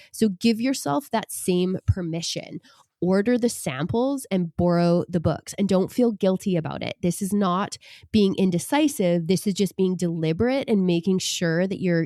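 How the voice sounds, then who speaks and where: A woman's voice: mid-range voice, dark tone, no echo. Woman podcast host, advisory and reassuring, dry close recording. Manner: reassuring, coaching tone with tag questions. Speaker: interior design podcast host.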